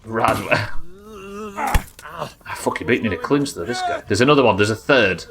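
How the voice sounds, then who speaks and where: Excitable, sweary gamer man. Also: fairly low pitch, normal speed, creaky, noisy background. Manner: excitable, sweary, talking to himself. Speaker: streamer. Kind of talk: live gameplay commentary.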